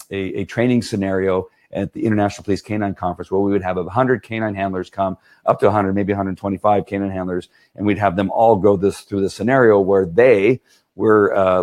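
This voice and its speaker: A man's voice: sits low, a little mellow. A man who trains dogs, talking earnestly to viewers on a live stream, with many fillers and restarts. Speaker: dog trainer.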